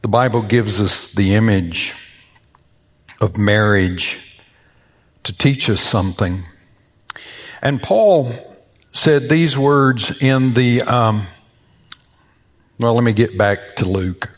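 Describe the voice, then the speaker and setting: A man's voice: takes it slowly, long pauses. A man in his sixties, a longtime minister, preaching a sermon in church with a folksy, joking storyteller's manner. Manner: folksy, joking storyteller with high-pitched voices for quoted people. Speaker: pastor. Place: church sanctuary.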